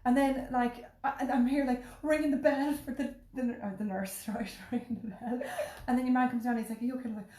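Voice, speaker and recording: An Irish woman telling a story in casual, animated chat, full of "like" and the odd swear word. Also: on the high side, fast talker. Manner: animated, chatty, peppered with swearing and "like". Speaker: podcast host. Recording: roomy echo.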